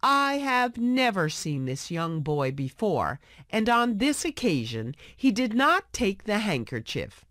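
A woman voicing a kindly, respected male bookseller who speaks in a gentle, reassuring way, in a storybook reading. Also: medium pitch, big pitch swings, takes it slowly, hardly any pauses, no room sound, studio quality. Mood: earnest.

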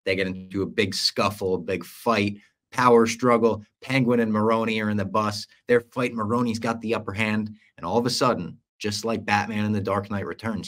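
A man hosting a podcast in casual chat, recapping a TV episode and acting out the lines he quotes. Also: on the low side. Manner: animated storyteller, acts out the lines he quotes. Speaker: podcast host.

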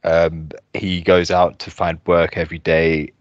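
Deep young male co-host, rambling casual chat, dry muffled recording. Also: completely flat delivery, a little slow, dry recording. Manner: rambling, laughing, full of fillers. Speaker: podcast co-host.

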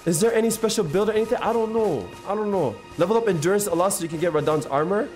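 A man streaming a video game live, chatting casually and excitedly with his viewers in slang and thanking them constantly. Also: sits high, racing, soft background music. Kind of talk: casual live-stream chat while gaming.

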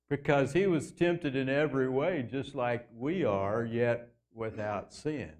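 A man preaching a sermon as pastor in a church, earnest, slowing down and lifting his voice to stress key phrases. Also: lively intonation, darkish tone. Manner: earnest preaching, slows and lifts pitch for emphasis. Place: church sanctuary.

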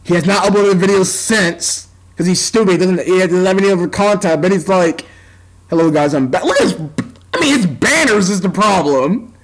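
A man's voice: high voice, expressive, brisk, poor audio. An American man ranting on his vlog, insulting and scornful as he reacts to other YouTubers' videos. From United States.

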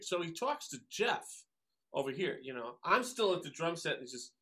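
A man, a drummer telling stories as a guest, animated and acting out the voices of people he quotes. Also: a little high, normal speed. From Long Island, New York. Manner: animated, acts out quoted voices, many fillers. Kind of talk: casual storytelling interview.

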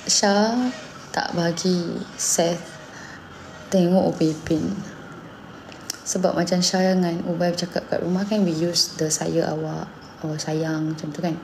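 A woman in her thirties with a Malaysian accent, chatting casually and telling animated stories, switching between English and Malay mid-sentence. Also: on the low side, moderate pace, a little hiss or hum. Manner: animated storytelling, acting out her son's lines. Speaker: singer and mother. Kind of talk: casual chat.

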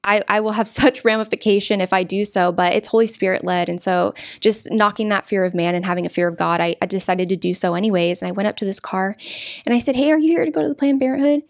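A woman's voice: medium pitch, fairly even intonation, fast, dry recording, clean studio sound. A young woman guest from California, speaking earnestly in conversation, often restarting and repeating her words. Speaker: interview guest.

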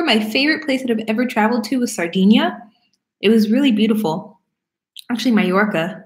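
A young woman from Florida, casually answering viewer questions at home, chatty and animated, laughing often. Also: medium pitch. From Florida, United States. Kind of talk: casual Q&A chat. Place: room at home. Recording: roomy echo.

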